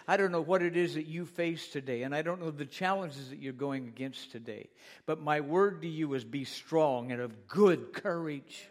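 A man's voice: on the high side, moderate pace. A man preaching a sermon in church, repeating phrases for emphasis and calling on the congregation to answer him. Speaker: pastor.

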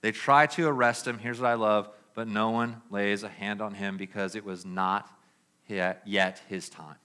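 A man preaching a sermon, reading scripture emphatically and then dropping into quiet, conversational asides. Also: on the low side, steady tone, moderate pace, smooth. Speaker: pastor.

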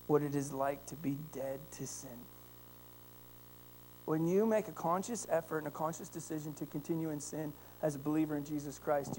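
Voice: mid-range voice, a little mellow, slight background noise. A pastor preaching a sermon, telling a story and speaking straight to the congregation with growing fervor, often tagging lines with "right?". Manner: storytelling, addressing the congregation directly with rising fervor; frequent "right?" tag questions.

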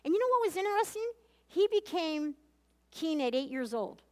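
A woman's voice: extremely high pitch, very animated, normal speed, a little mellow. A woman leading a conversational Bible study, earnestly asking her listeners questions and often repeating and restarting her phrases. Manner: earnest, questions the audience directly. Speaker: Bible teacher.

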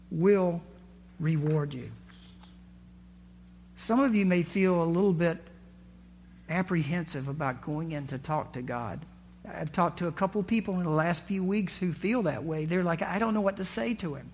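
High-voiced conversational male pastor. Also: unhurried, pauses often, a little mellow, slight background noise. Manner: conversational, acts out scripture and quotes with rising emphasis. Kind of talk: sermon.

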